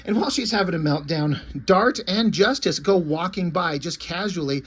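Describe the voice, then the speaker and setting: Host-type man, bright husky tone, chatty comic recap. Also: high voice, normal speed. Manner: loose, chatty, with many fillers. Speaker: comic book reviewer. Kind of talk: casual comic book recap.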